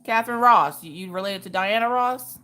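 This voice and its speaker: A woman's voice: mid-range voice, a little fast, bright, forceful tone. A woman hosting a casual crafting livestream, greeting her viewers by name as she works. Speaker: livestream host.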